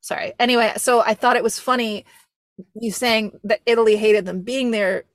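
A young woman hosting a podcast, chatting casually in a rambling, animated way, laughing often and swearing freely. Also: a little high, moderate pace, dry recording, studio quality. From America. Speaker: podcast host. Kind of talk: casual chat.

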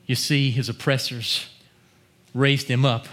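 Male preacher, sermon delivery; slow, bright voice that swings from shouts to near-whispers. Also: mid-range voice, flat delivery. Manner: rising to shouted, drawn-out climaxes, then dropping to quiet teaching.

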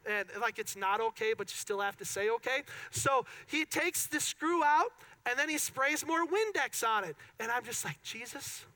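Animated high-voiced Midwestern pastor. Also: male voice, rough recording. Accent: Upper Midwest American. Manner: animated storyteller acting out dialogue with sudden shouts. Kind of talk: storytelling sermon.

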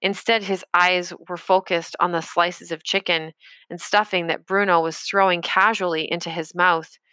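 A woman reading an audiobook chapter in a measured storytelling manner. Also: lowish voice, steady tone, pushed and bright, no echo. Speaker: audiobook narrator. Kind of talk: scripted narration.

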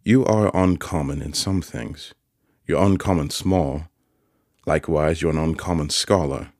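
A man voicing a kindly, simple-spoken village blacksmith in an audiobook, with earnest, gentle country speech. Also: extremely low pitch, measured pace, no room sound, studio quality, heavily acted. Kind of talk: audiobook character voice.

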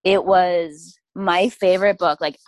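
A young woman co-hosting a casual book chat, animated and quick to act out what people said. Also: fairly low pitch, no echo. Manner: animated, acts out quoted lines, laughs often. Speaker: podcast co-host. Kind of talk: casual chat about books.

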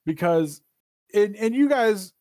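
A man with a slightly higher voice chats on a gaming podcast. He rambles and swears, and his pitch leaps up without warning. The sound is dry and close. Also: slow, no room sound. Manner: animated, profane, rambling with sudden jumps in pitch. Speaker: podcast co-host. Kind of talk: casual gaming podcast chat.

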